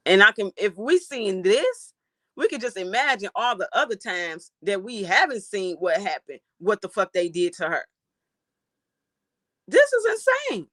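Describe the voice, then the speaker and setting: A livestream host reacting to a case and reading out chat comments, animated and outraged, swearing freely. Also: medium pitch, normal speed, no room sound.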